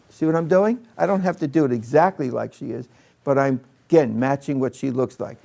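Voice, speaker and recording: A man's voice: medium pitch, brisk, vocal fry, dark tone. A man training teachers in a live workshop, chatting with his audience and demonstrating with a volunteer in a training room.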